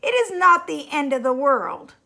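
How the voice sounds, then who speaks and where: A woman's voice: high-pitched, very animated, normal speed, gravelly, sharp tone, exaggerated voice. Woman playing a grumbling stapler. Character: grumpy stapler, muttering grouch.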